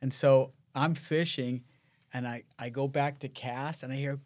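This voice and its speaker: A man's voice: fairly even intonation, a little slow, no echo. Man with a dry close sound. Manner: low-key, drops his voice when telling a story. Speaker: host. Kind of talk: casual storytelling chat.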